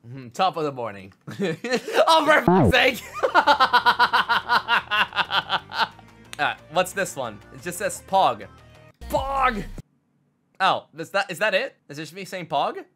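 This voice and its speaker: Young aussie guy reacting to memes, laughs a lot, swears, bright voice that jumps around. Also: sits high, moderate pace, soft background music. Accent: Australian. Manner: animated, laughs often, swears casually. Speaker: streamer reacting to fan memes. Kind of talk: casual reaction commentary.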